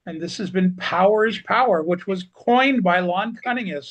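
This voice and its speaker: Male podcast host, high voice, casual chat, short affirmations, friendly sign-off. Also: normal speed, fairly bright tone. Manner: brief affirmations, friendly wrap-up of the show.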